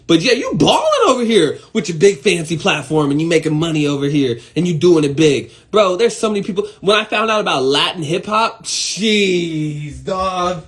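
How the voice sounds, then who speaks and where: A young man with a lively, swinging voice giving a casual motivational monologue on a live stream, cursing freely and jumping from loud outbursts to low muttering. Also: normal speed, few pauses. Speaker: host of an Instagram live stream.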